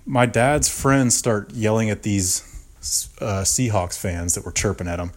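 A man's voice: on the low side, measured pace. Profane young man telling a story. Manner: profane, animated anecdote telling. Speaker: podcast host. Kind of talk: casual storytelling.

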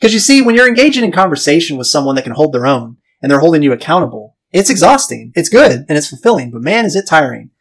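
A man's voice: a little high, big pitch swings, quick pace, few pauses, slightly rough, poor audio. A man hosting a podcast, signing off in a florid, theatrical, playful way. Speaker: podcast host.

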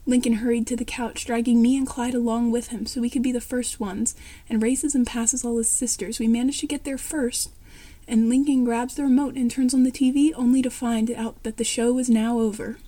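A woman reading a fan story aloud, saying speaker names and stage directions out loud. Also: fairly high pitch, flat delivery, fairly quick, dry recording. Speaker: story reader.

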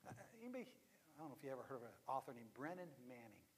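A man preaching a storytelling sermon, dramatic and dropping to hushed tones for emphasis. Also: mid-range voice, very animated, rapid-fire, husky. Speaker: pastor. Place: church sanctuary. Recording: long reverb of a large hall.

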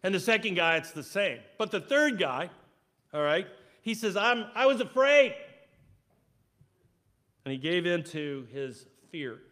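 A man preaching a sermon in church, animated, acting out quoted voices and swinging between loud and soft. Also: a little high, normal speed. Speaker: pastor. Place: church sanctuary.

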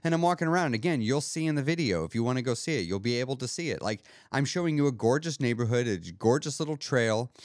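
A man's voice: mid-range voice, lively intonation, fast, few pauses, no room sound, clean studio sound. A man hosting a podcast, talking earnestly and motivationally in a reflective monologue. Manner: earnest, motivational, thinking aloud with restarts. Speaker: podcast host.

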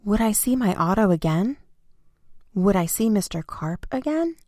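A woman reading a children's storybook aloud in the first person, simple and expressive. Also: medium pitch, normal speed, dry recording, studio quality. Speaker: narrator.

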